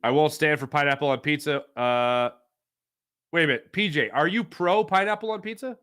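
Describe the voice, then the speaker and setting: A man's voice: on the high side, normal speed, a bit bright, smooth. A man hosting a casual live sports chat, reading viewer comments and ranting playfully with lots of ums and uhs. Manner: playful, opinionated rants with frequent fillers.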